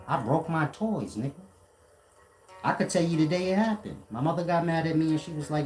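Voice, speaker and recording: A man's voice: a little high, very animated, a little fast, faint music behind. A man delivering a confrontational, profane, lecturing monologue in casual talk. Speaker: commentator. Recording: roomy echo.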